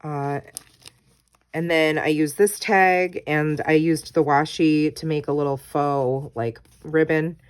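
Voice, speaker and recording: Chatty woman with a low voice. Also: steady tone, slow, smooth. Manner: chatty, reads her journaling aloud, many ums and likes. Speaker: crafting vlogger. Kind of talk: casual scrapbooking walkthrough.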